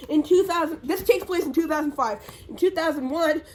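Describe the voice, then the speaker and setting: A woman's voice: sits high, brisk, a little mellow. Rambling, profane young woman vlogger. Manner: rambling, profane, lots of fillers. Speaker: YouTuber. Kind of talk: casual rambling recap.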